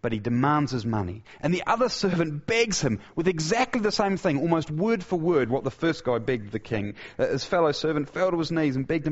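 A man preaching a sermon. He talks emphatically, repeats key phrases, restarts his sentences often and drops to a soft low voice for key points. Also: big pitch swings, brisk, hardly any pauses, muffled recording.

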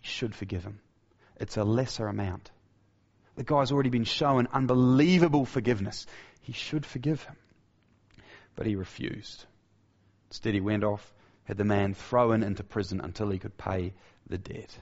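Delivering a sermon at normal speed with long pauses, a man speaks emphatically and repeats key phrases. He frequently restarts his sentences and sinks to a soft, low voice to stress important points, all on dull-sounding audio.

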